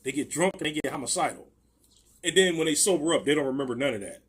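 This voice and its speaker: A man's voice: on the high side, lively intonation, fast, breathy edge. A man casually telling a rambling, profane personal story, full of restarts and repeated words.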